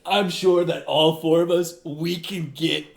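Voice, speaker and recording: A man's voice: on the high side, fairly even intonation, a little slow, gravelly, echoey room. A man voicing a loyal, easygoing young male warrior who reassures his friend, in a tabletop game. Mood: reassuring.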